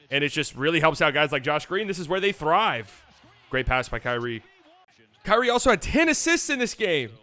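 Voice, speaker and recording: Male sports host, slightly high voice, dry booth sound, jokey highlight breakdown. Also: pushed and bright, dry recording. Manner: playful, joking asides over highlights. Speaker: basketball channel host. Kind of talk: game film breakdown commentary.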